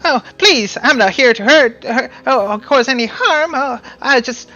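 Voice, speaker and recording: A man's voice: very high voice, expressive, measured pace, bright, forceful tone, lo-fi sound, voice pushed up, full character voice. A man doing a stammering little gnome. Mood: panicked. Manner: stammering, flustered, chuckling. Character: fussy rambling male gnome farmer, small and jittery.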